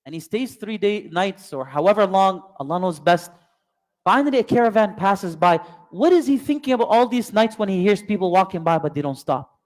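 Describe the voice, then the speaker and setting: High-voiced man teaching in a hall. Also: expressive, a little fast. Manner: asks many rhetorical questions, dramatic storyteller; mixes in Arabic terms. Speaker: Islamic teacher. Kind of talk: storytelling religious lesson. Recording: long hall reverb.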